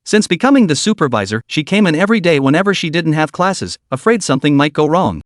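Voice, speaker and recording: A man reads a story recap as scripted narration. His voice sits a bit high and moves through a lively range of pitch, and the sound is close and dry. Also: fast, no echo.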